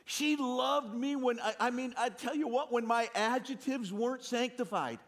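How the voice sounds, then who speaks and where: A man in his sixties with a Northeastern US accent, preaching a sermon with animated, self-deprecating stories and frequent restarts. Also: extremely high pitch, moderate pace, slight background noise. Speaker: pastor.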